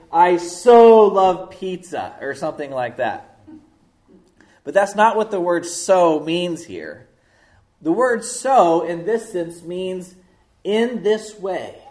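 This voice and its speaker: A man preaching a sermon as pastor, slow and deliberate, leaning hard on key words. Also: high-pitched, very animated, darkish tone, reverberant.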